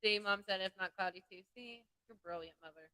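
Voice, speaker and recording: A woman with a very bright, crisp voice, chatting casually on a live stream from home. She talks freely and laughs easily. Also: mid-range voice, a little fast, no echo, rough recording. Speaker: livestream co-host.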